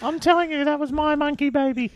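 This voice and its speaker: A woman's voice: sits high, quick pace, a little hiss or hum, natural voice. A woman voicing a brash, foul-mouthed young woman in an amateur script read-through, snapping her lines. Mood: bickering. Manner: snappy, swaps swears for a silly word.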